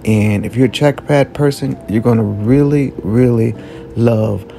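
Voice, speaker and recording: A man talks through a gadget in a casual review vlog, upbeat and chatty. His voice is gravelly and sits at a middle pitch. He repeats words when he wants to stress a point. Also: unhurried, warm tone, faint music behind. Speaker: product reviewer.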